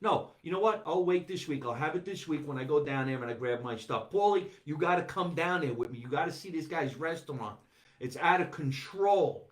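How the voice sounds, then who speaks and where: Animated man hosting a casual live stream. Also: medium pitch. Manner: animated, reads viewer comments aloud, riffs loosely. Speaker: podcast host. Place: home basement.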